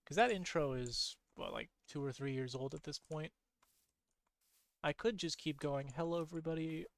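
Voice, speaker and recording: A sleepy streamer with a slightly high-pitched voice talks through his game in a loose, rambling way. He yawns between thoughts, circles back to repeat himself, and perks up easily at small discoveries. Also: lively intonation, a little slow, creaky, fairly bright tone, no room sound. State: sleepy, yawning. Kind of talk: casual gameplay commentary.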